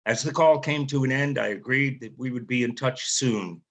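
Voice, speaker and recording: A man, an author, reading his own memoir aloud in a measured, reflective way. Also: medium pitch, a bit bright.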